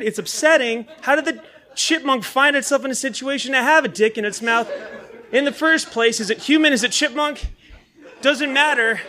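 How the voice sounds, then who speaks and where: A young man with a high, bright voice tells a long story live at a bar show. He rambles, mocks himself, and slips into put-on voices for the people in the tale. He talks in a loose, conversational way. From San Diego, California.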